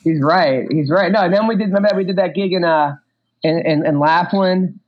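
A man with a fairly high voice chats in an easygoing way about old comedy gigs and chuckles as he talks. The sound is dull and lo-fi, as if the top end has been cut away. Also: fairly quick. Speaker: stand-up comedian, podcast host. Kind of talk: casual chat.

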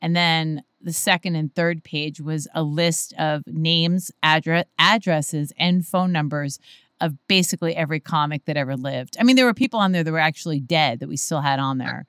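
A woman telling animated, laughing stories in casual chat, acting out what people said. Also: sits low, normal speed, smooth, no echo, studio quality. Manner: animated storyteller, acts out quotes, laughs often. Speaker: comedy club manager, podcast guest.

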